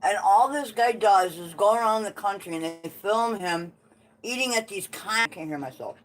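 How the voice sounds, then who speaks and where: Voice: mid-range voice, moderate pace, fairly bright tone, poor audio. A livestream host in casual chat at home, blunt and opinionated, swearing freely.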